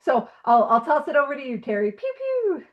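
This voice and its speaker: Animated, fairly high-voiced woman storyteller. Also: fast, lo-fi sound. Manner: animated storyteller, laughs often. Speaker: meeting leader. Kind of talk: casual talk at a recovery study meeting.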